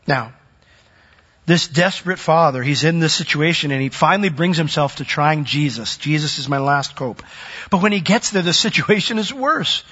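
A man preaching a sermon, swinging from loud emphatic peaks to soft, low asides. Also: lively intonation, normal speed, breathy edge, highs cut off. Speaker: pastor.

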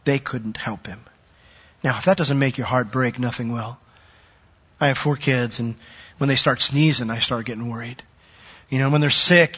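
Male pastor, bright higher voice, emphatic sermon delivery with dramatic drops; muffled recording. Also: breathy edge. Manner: swings from loud emphatic peaks to soft low asides.

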